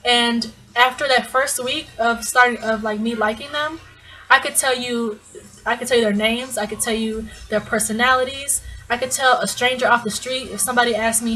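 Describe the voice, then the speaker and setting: A woman's voice: on the high side, fairly even intonation, moderate pace, pushed and bright, poor audio. A young woman vlogging casually, telling a story in a bubbly, gushing way with lots of restarts. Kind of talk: casual fan vlog storytelling.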